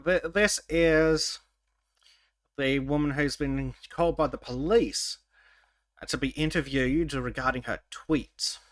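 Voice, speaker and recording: A man hosting a podcast in casual chat, wry and sarcastic, with halting restarts. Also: mid-range voice, dry recording. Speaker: podcast host.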